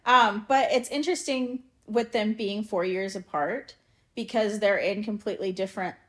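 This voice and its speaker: A woman in her late thirties co-hosting a relaxed podcast chat. Her voice sits at an ordinary middle pitch for a woman. She talks in a chatty way and slips into the voices of her family members as she retells what they said. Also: normal speed. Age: late 30s. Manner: chatty, acts out family quotes. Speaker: podcast co-host. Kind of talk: casual chat.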